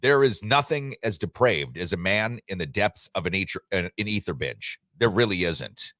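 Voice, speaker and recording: A man's voice: low voice, expressive, normal speed, fairly bright tone, dry recording, studio quality. A man hosting a sports radio show in casual, joking chat, rambling and reading listener messages.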